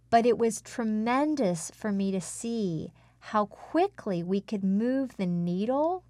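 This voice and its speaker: A woman speech coach in an interview, explaining speaking technique in a measured, instructive way. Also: medium pitch, darkish tone, dry recording.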